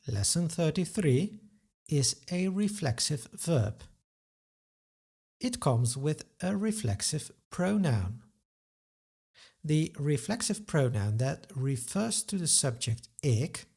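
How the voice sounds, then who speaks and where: Slow, husky male language teacher. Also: fairly high pitch, a little mellow. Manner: methodical, explains step by step; carefully sounds out example words. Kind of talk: webinar grammar lesson.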